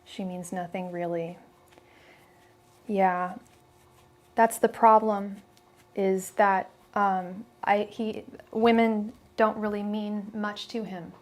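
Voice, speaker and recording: A woman's voice: medium pitch, little pitch movement, slow. A young adult woman giving a live-stream tarot reading, talking bluntly and chattily with many restarts. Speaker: tarot reader.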